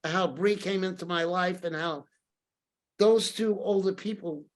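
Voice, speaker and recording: Older man, podcast guest, lively storyteller who acts out the people he quotes. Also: sits high, a little slow.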